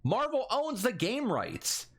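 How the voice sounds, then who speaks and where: A man's voice: very high-pitched, husky. A young man co-hosting a podcast, ranting angrily and cursing a lot in casual chat. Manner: angry profane rant, fast and animated. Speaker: podcast co-host.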